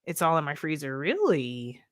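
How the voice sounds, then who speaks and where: A woman from Detroit hosting a casual livestream, reading viewer comments aloud in a playful, animated way and laughing often. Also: sits low, moderate pace, dry recording, clean studio sound. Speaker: livestream host.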